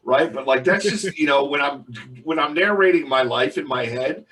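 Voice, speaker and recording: Bright-voiced man, heard from a distance. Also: a little high, moderate pace. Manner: explains at length, tags lines with "right?". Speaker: podcast co-host. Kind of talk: casual chat.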